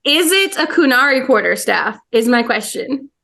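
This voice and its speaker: A woman playing a tabletop game, chatting casually and quick to offer help. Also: sits high, sing-song, gravelly, fairly bright tone. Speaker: player.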